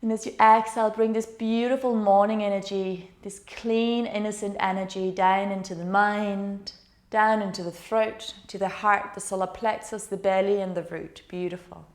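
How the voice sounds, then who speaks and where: A woman teaching a yoga class, guiding breath and movement with soft, encouraging instructions. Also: mid-range voice. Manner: soothing, encouraging guidance. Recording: roomy echo.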